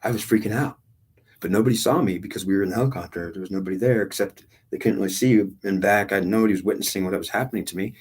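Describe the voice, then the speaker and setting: A man's voice: deep voice, rapid-fire, darkish tone, slightly rough. An older man telling his own spiritual experience in a rambling, blunt, repetitive way, with some swearing. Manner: repetitive, blunt and profane, retelling a past experience with strong feeling. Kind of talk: rambling personal testimony.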